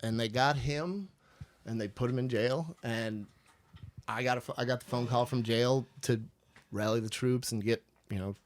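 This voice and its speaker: A man from Chicago telling a long, rambling story on a podcast, animated and swearing freely as he laughs along. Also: mid-range voice, normal speed, slight background noise.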